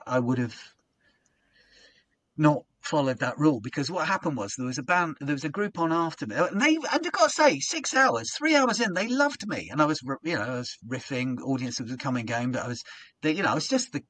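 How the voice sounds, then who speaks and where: A man's voice: mid-range voice, no room sound. A man in casual chat, telling a comedy anecdote and acting out his old stage patter with rising energy. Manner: animated storyteller who acts out his own stage patter. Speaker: podcast guest, comedian.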